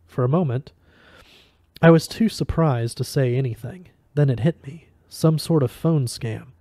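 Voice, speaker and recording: Man reading a novel aloud, mellow dark tone, dry close sound, easygoing with small stumbles. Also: medium pitch, unhurried, no echo. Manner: casual reading with small slips and restarts. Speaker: audiobook reader.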